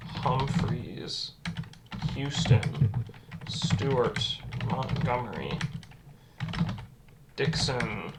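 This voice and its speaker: Very low-voiced woman over loud typing. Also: heavy background noise. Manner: quick, quiet listing with self-corrections and wry asides. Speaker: geography video creator. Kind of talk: muttering recall while typing. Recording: loud keyboard clatter close to mic. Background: loud keyboard typing.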